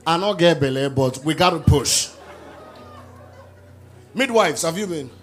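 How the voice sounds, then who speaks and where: A high-voiced pastor preaches with wild swings in pitch, rising to shouts and dropping low to act out quotes. Faint music plays under him in the church. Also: male voice, measured pace, some chatter behind. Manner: animated preaching, shouting peaks, acted-out quotes. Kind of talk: sermon. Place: church service.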